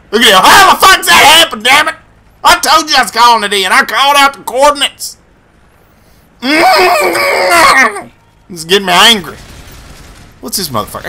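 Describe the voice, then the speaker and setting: A man giving loud, profane gameplay commentary full of boisterous trash talk and yells. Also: high-pitched. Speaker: gamer and video host.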